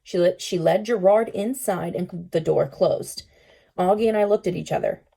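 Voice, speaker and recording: A woman teacher reading a children's novel aloud to her students in a calm, expressive way. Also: fairly low pitch, moderate pace, creaky, husky.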